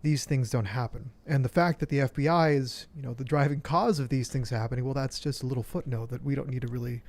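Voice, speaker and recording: A man appearing as a guest commentator on a talk show, making a measured argument in a dry, sarcastic way. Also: mid-range voice, steady tone, a little mellow.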